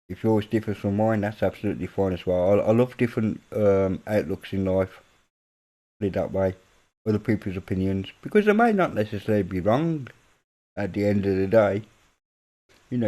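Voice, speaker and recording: A man's voice: on the low side, darkish tone. A man with a northern English accent, rambling through a casual late-night livestream chat with viewers in British slang. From northern England. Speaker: livestream host.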